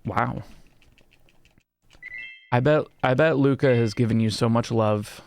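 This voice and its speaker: A man's voice: mid-range voice, slow, a little mellow, soft background music. A young man live-streaming, chatting casually with viewers, swearing a lot and mock-scolding his pet.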